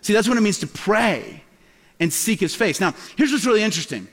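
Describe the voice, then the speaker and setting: A middle-aged male pastor preaching a sermon as a lively storyteller, acting out the voices he quotes. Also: high-pitched, fairly quick. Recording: long hall reverb.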